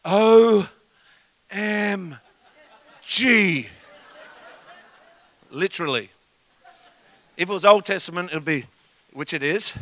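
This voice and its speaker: A man preaching a sermon as a guest pastor in a church, animated and joking with the congregation. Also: sits high, slow, pauses often, no room sound. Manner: animated, jokes with the congregation, acts out story voices. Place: church auditorium. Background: soft keyboard music.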